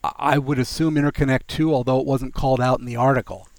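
A man hosting a relaxed tech podcast, wry and joking in his delivery. His voice sits at an ordinary middle pitch. The recording is dry, with little room sound. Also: quick pace, no room sound. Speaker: podcast host. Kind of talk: casual tech podcast chat.

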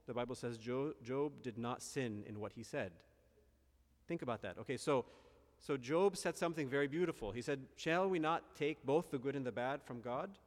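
A priest giving an earnest, reflective homily, pausing and restarting as he preaches. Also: medium pitch, long reverb tail. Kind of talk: sermon.

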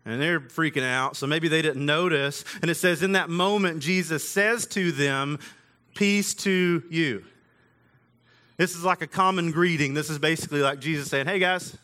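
A man's voice: on the high side, a little fast, few pauses, bright, forceful tone. A man preaching a sermon in a casual, conversational way, with everyday slang. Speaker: pastor.

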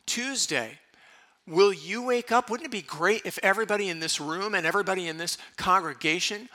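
A pastor delivers a sermon to his congregation in a church sanctuary, with a strikingly bright, ringing tone that sits a touch high for a man. He talks conversationally, joking with the room one moment and dropping to a hushed, earnest hush the next. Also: brisk.

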